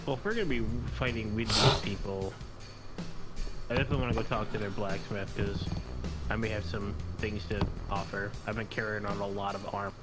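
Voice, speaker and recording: A man playing a tabletop game, talking in a curious, excitable way. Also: fairly low pitch, brisk, loud music behind the voice, low-quality recording. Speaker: player. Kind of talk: casual tabletop game chat.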